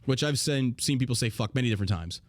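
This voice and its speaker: A man's voice: mid-range voice, expressive, very fast, no room sound. A man hosting a show, ranting bluntly and profanely in a casual, heated way. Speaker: show host. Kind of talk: casual political rant.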